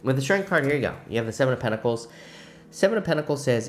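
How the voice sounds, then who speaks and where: A man's voice: mid-range voice, animated, rapid-fire, slight background noise. A man reading tarot cards for his viewers in a musing, conversational way. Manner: conversational, musing, many "I feel" asides. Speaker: tarot reader.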